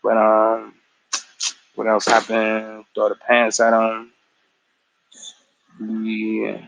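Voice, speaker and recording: A man's voice: fairly low pitch, monotone, very slow, creaky, fairly bright tone, faint music behind, low-quality recording. A young man casually recapping a cartoon episode in a slangy, profane way, acting out the characters' lines. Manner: slangy, profane, acts out quotes. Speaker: show recap host.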